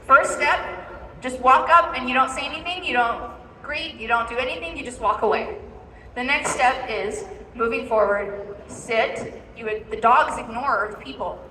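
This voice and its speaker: Woman dog trainer leading a live demo, high-pitched and bright, checking in with "okay?", heard from a distance in a reverberant hall. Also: moderate pace, a little hiss or hum. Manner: instructive, repeats "okay?" to check in. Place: large indoor expo hall. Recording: echoey hall from far off.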